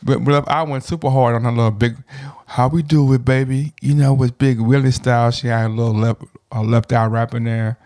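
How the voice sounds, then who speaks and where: A man's voice: mid-range voice, little pitch movement, brisk, few pauses, mellow. A man in his thirties co-hosting a podcast, rambling casually and tacking "man" onto his sentences. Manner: laid-back, rambling, says "man" a lot. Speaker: podcast co-host. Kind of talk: casual chat.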